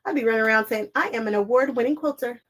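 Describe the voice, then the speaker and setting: A woman's voice: a little high, quick pace, rough recording. A woman, hosting a casual crafting livestream, chatting to viewers while she sews and laughing often.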